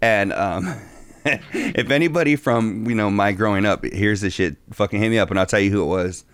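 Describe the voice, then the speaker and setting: A man in his thirties co-hosting a podcast, telling a crude story in excitable, profane casual chat. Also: fairly low pitch, normal speed, dry recording. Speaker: podcast co-host.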